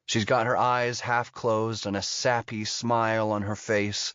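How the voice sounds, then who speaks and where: A man narrating an audiobook thriller in an even, steady storytelling manner. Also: on the low side, measured pace, smooth, no room sound. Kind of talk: scripted narration. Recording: dull lo-fi audio.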